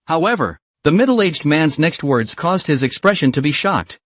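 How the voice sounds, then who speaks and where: A man's voice: fairly high pitch, expressive, moderate pace, hardly any pauses, dry recording. A man narrating a comic story recap in a dramatic storytelling manner.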